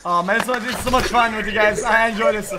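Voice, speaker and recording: A man streaming a game, talking to players over voice chat in a fast, overly apologetic, mock-polite way. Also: high voice, heavy background noise. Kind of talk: live-stream gaming chat. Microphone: game controller mic.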